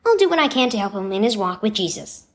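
A woman's voice: medium pitch, sing-song, fast talker. A woman voicing an earnest young boy in a storybook devotional, speaking eagerly and asking questions.

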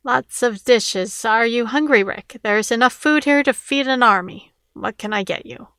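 A woman's voice: a little high, moderate pace, bright, forceful tone, no room sound, studio quality. A woman reading the lines of an easygoing, hospitable man, in a storybook reading. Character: easygoing helpful man in the kitchen.

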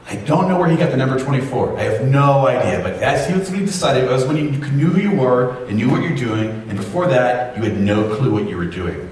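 Pastor preaching in a very echoey hall. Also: male voice, mid-range voice, expressive, normal speed, a little mellow. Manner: storytelling, self-deprecating humor. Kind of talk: sermon. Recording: very echoey hall, distant mic, faint noise.

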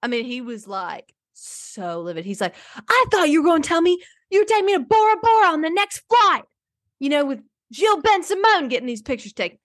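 An actress playing a self-absorbed rich suburban adoptive mom in an improvised comedy podcast, rambling and oversharing. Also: female voice, mid-range voice, unhurried, few pauses, no echo, studio quality, close to an everyday voice. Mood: rambling, chatty.

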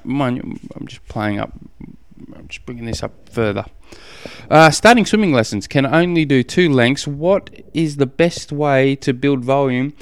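A man's voice: medium pitch, smooth, dry recording, studio quality. A man hosting his own podcast, answering a listener question in a casual, rambling, self-deprecating way with lots of fillers. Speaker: podcast host. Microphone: studio podcast microphone.

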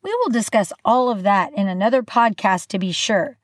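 An older woman hosting her own podcast, bubbly and animated with playful asides, talking casually to the listener. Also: mid-range voice, moderate pace, dry recording, clean studio sound. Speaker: podcast host. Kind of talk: casual solo podcast talk.

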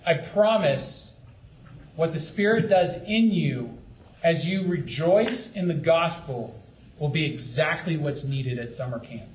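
Young male youth leader, earnest and pleading, high voice, roomy echo. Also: expressive, slow pace. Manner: earnest, pleading, with acted-out asides. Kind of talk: training talk to camp leaders. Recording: echoey room with faint background noise.

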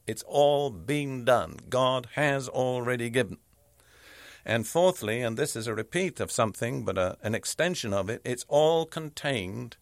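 Male preacher, measured and emphatic Bible teaching, close dry recording. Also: medium pitch, gravelly, a bit bright, no room sound. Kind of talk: sermon.

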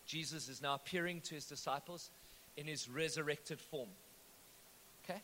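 A man's voice: fairly high pitch, moderate pace, sharp tone, slight background noise. A man, preaching a sermon and retelling the text as a story with joking asides. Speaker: pastor. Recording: echoey hall.

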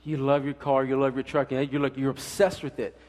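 A man preaching a casual, joking sermon as pastor, acting out quick voices to make his points. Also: medium pitch. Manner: animated, jokey, acts out quick voices. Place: church sanctuary. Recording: church hall with long reverb.

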